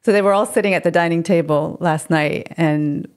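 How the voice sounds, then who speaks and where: A woman's voice: on the low side, normal speed. A woman from Pakistan co-hosting a podcast, easygoing and giggly in casual chat. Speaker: podcast co-host.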